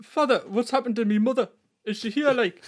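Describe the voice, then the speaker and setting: Young son, put on by a man, raised pitch, pleading, over-the-top. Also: brisk. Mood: mock-dramatic. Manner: mock-dramatic, pleading. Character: footballer's young adult son.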